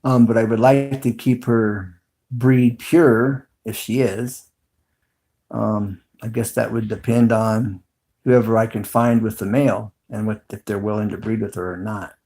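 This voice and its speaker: A man's voice: lowish voice, fairly even intonation, unhurried, dark tone. Rambling middle-aged man chatting casually. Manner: rambling, chatty, with frequent ums. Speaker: video host. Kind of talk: casual livestream chat.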